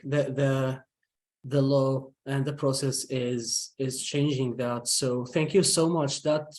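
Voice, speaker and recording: A man moderating a webinar panel, polite and halting as he thanks a speaker and moves on. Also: medium pitch, darkish tone.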